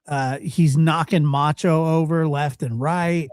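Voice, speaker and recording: A man's voice: a little high, steady tone, takes it slowly, darkish tone, no echo, clean studio sound. A man hosting a live talk stream, thanking callers and chatting in a friendly, conversational way. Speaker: host.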